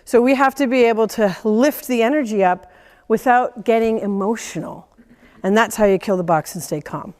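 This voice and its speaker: A woman teaching a class of horse owners, animated, laughing often and acting out quoted voices. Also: a little high, moderate pace, big-room sound. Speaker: horse trainer giving a lecture. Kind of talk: lively teaching talk.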